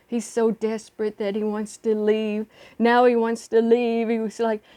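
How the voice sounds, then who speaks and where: A woman's voice: on the high side, monotone, unhurried, warm tone, smooth. A woman vlogger earnestly retelling a film story in casual talk, recorded on a phone. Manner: earnest, encouraging.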